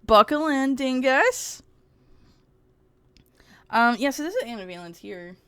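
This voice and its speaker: A woman's voice: high voice, sing-song, a little slow, fairly bright tone, clean tone, no room sound. A woman streamer in casual, sarcastic livestream commentary, rambling and giggling often.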